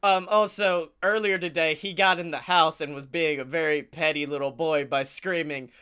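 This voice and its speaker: A man co-hosting a comedy podcast, telling animated stories, acting out quotes and laughing often. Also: a little high, normal speed, clear, resonant tone. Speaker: podcast co-host. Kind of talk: casual comedic storytelling.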